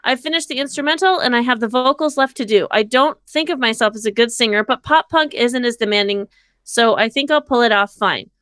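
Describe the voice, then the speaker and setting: Female podcast co-host, bright higher voice, blunt and joking. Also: a little fast, clean tone, no echo. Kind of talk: casual chat. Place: Los Angeles.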